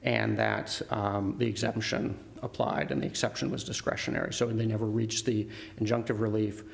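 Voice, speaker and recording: A man's voice: on the low side, little pitch movement, moderate pace, vocal fry. A man arguing for the appellant before a court, formal and deferential, with hesitant fillers. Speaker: attorney for the appellant. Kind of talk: appellate oral argument.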